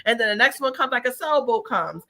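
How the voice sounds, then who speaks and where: Woman, co-host, casual money chat, animated storyteller, bright forward tone. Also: on the high side, brisk. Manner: animated storyteller, chatty with many fillers.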